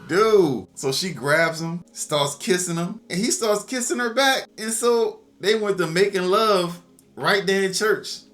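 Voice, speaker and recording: A man's voice: high voice, unhurried, fairly bright tone, soft background music. A man recapping a movie in a casual, jokey way, telling the story with exaggerated reactions. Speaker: movie reviewer.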